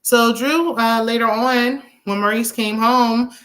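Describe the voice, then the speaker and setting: A young woman, casually recapping a movie with laughs and quick asides. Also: fairly high pitch. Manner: chatty, animated retelling with laughs and acted-out quotes. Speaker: movie review host.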